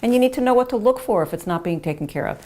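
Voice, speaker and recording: A woman's voice: a little high, lively intonation, very fast, darkish tone. A woman dentist explaining gum care to patients in an earnest, emphatic way, using homely images to repeat her points. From United States.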